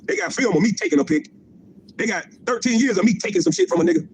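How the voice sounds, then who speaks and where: A man's voice: very high-pitched, big pitch swings, quick pace, a little hiss or hum, rough recording. A middle-aged man delivering a profane, mocking livestream rant, repeating his jabs and laughing at them. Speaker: former pro basketball player ranting on a stream.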